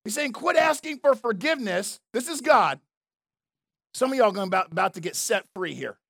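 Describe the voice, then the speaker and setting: A man's voice: high voice, sing-song, brisk, vocal fry, a bit bright, dry recording, clean studio sound. A man preaching a sermon as a pastor, emphatic and conversational, repeating his key phrases. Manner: emphatic, repetitive, conversational preaching with asides to the crowd.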